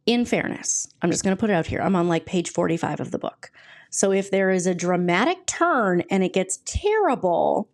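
A woman's voice: lowish voice, expressive, moderate pace. A woman hosting her podcast and working as a coach, talking casually and with self-deprecating humor while she reads passages from a book. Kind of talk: casual solo podcast talk.

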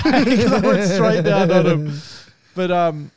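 A man's voice: sits high, unhurried, a little mellow, no echo, clean studio sound. An Australian man co-hosting a podcast who talks bluntly, swears and teases the others. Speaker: podcast co-host. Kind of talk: casual chat.

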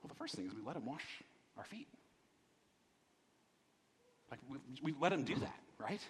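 A man preaching a sermon in a conversational, animated way, often repeating words and asking the congregation questions. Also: medium pitch, normal speed, slight background noise. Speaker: pastor. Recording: long hall reverb.

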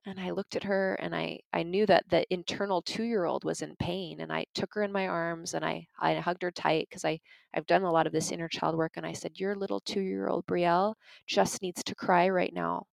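A woman's voice: lowish voice, little pitch movement, brisk, gravelly, no room sound, low-quality recording. A woman giving an informal teaching talk on parenting and emotions, earnest and conversational, telling stories and speaking straight to her listeners. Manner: conversational, addresses listeners as "you guys"; earnest, storytelling.

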